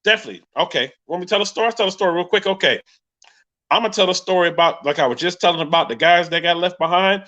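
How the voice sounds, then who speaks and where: A man's voice: high-pitched, very fast, pushed and bright, muffled recording. A man hosting a podcast live stream in casual chat, hyped and talkative, speaking straight to his viewers. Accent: New York. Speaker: podcast host.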